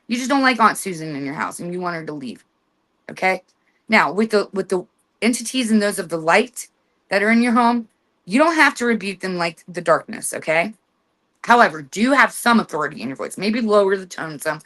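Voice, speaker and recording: A woman's voice: lowish voice, a bit bright. A woman hosting a radio show, giving casual, emphatic instructions and acting out commands in a firm voice. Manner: chatty, emphatic, acts out commands with authority.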